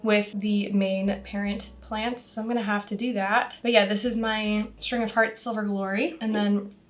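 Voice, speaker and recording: A woman's voice: medium pitch, little pitch movement, normal speed. A young woman with a slightly congested voice from a cold, chatting casually and rambling a little in a vlog. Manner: chatty, rambling, self-deprecating. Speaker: plant content creator. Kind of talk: casual vlog talk to camera.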